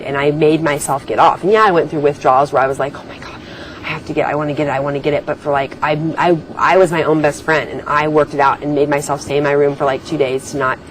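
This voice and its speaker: Low-voiced young woman, rambling story. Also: slight background noise, poor audio. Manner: rambling, filler-heavy talk. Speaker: reality show contestant. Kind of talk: casual storytelling.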